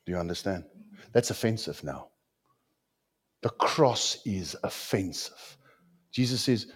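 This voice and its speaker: A man's voice: fairly low pitch, normal speed, slightly rough. A man with a South African accent preaching a sermon in a church, joking with the congregation and dropping Afrikaans asides. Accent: South African English. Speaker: pastor.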